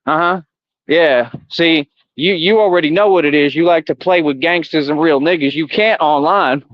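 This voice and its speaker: A man's voice: on the high side, normal speed. A middle-aged man streaming live outdoors, taunting his chat in a confrontational, repetitive rant. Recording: dull lo-fi, dry.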